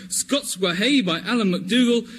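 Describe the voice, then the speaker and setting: A man presenting a sketch-comedy radio show in a brisk, mock-earnest announcer manner. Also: high-pitched, expressive, a bit bright. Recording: noisy vintage radio recording.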